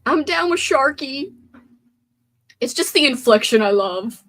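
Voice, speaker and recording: A woman's voice: high voice, expressive, a little slow, a bit bright. A woman hosting a livestream, chatting casually, reading viewer comments aloud and grumbling with playful swearing. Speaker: livestream host.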